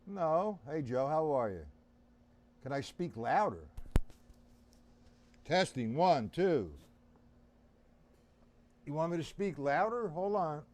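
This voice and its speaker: Blunt, lively male drum teacher. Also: a little high, slow pace, pauses often. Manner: casual, blunt, talks to viewers by name. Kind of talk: live-streamed drum lesson.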